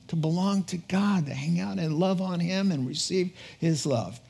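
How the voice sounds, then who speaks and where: A male preacher with a slightly high voice delivers a lively sermon. He urges his listeners on, repeats words for emphasis, and drops in joking asides at his own expense. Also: unhurried, creaky, slightly rough. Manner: energetic, exhorting, repeats words for punch; jokey asides, laughs at himself.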